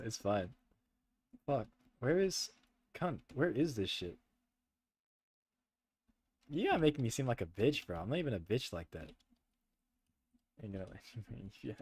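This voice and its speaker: Give me a young man livestreaming a horror game, mid-pitched, cursing and spooked. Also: sing-song, unhurried, pauses often, darkish tone, breathy edge, no room sound. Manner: swearing, jumpy, nervous laughing, says bro a lot. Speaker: streamer.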